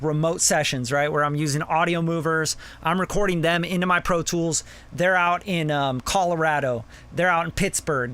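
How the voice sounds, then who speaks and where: A man's voice: high voice, pushed and bright. A man producer giving loose, profane feedback on songs in a casual live-stream review. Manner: loose and profane, lots of "like" and "bro".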